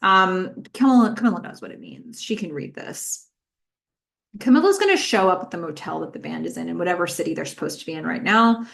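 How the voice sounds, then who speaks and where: A woman's voice: on the low side, very animated, fairly quick, creaky. A woman hosting a podcast, giving a chatty recap of a TV episode with many fillers and questions for her listeners. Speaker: podcast host.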